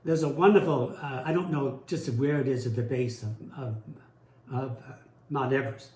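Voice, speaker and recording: A man's voice: medium pitch, a little mellow. A man preaching a sermon as pastor, telling personal stories in an earnest way. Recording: roomy echo.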